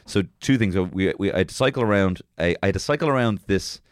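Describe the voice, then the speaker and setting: A young Irish man co-hosting a podcast, telling rambling comedic stories full of swearing and bursts of shouted impressions. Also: low-pitched, animated, quick pace, clear, resonant tone, no echo, clean studio sound. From Ireland. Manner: rambling, swears freely, jumps into shouted character voices. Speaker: podcast co-host. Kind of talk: casual comedic chat.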